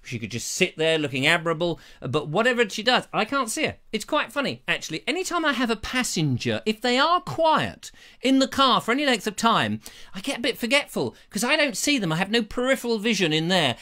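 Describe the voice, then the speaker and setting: Playful high-voiced man hosting. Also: sing-song, brisk, sharp tone. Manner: playful, jokey, puts on silly voices. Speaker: live show host. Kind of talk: rambling live-stream chat. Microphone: lavalier.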